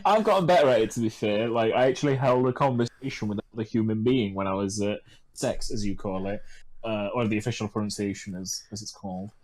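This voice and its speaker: A man's voice: lowish voice, fast talker, a little mellow. Young man teasing in laughing banter. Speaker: podcast co-host. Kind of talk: casual chat.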